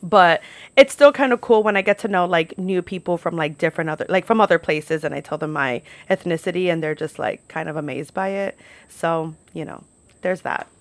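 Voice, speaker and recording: A woman's voice: lowish voice, a little fast, no room sound. A young woman from New York telling stories in a casual, chatty monologue, full of "like" and casual swearing. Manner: chatty, peppered with "like", swears freely.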